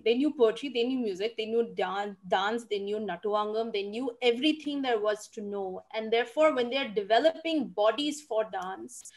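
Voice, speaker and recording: A woman answering audience questions in an online session, expressive and emphatic, stressing words to make her point. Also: fairly high pitch. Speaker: featured dancer and speaker. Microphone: video call.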